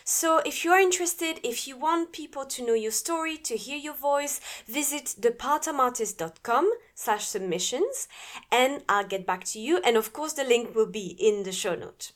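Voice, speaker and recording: A woman's voice: high voice, animated, moderate pace. A woman with a French accent hosting a podcast, reading promos and interviewing a guest in an upbeat, cheerful way. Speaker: podcast host.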